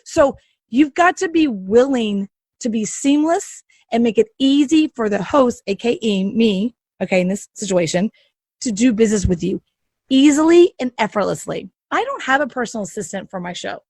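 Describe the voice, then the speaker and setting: A woman's voice: fairly high pitch, expressive, normal speed, darkish tone, husky, dry recording. A middle-aged woman podcast host coaching listeners in a sassy, emphatic monologue, repeating phrases for punch.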